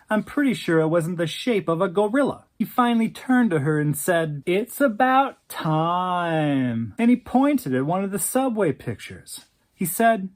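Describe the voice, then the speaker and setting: A woman narrating a scripted oral history in an expressive, storytelling way. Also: mid-range voice.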